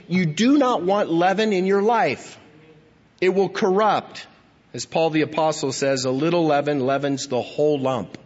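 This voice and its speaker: Male pastor, fairly high husky voice, emphatic sermon, muffled recording with long hall reverb. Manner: earnest, emphatic preaching with rhetorical questions. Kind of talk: sermon with scripture reading.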